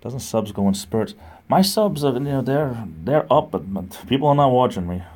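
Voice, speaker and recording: A man's voice: medium pitch, animated, moderate pace, darkish tone. A man hosting a casual livestream, rambling, ranting and reading the chat aloud. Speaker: livestream host. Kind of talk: casual live-stream chat.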